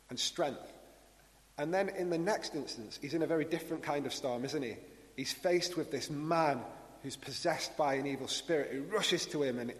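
A man giving a conversational, reflective sermon as a preacher, often restarting his sentences. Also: on the high side. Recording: long hall reverb.

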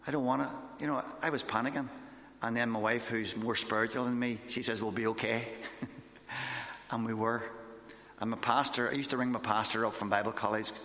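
A man's voice: medium pitch, fairly even intonation, moderate pace, pushed and bright. A man, a missionary, giving an informal sermon with his own testimony, talking conversationally with fillers and restarts. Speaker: missionary preacher. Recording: echoey hall.

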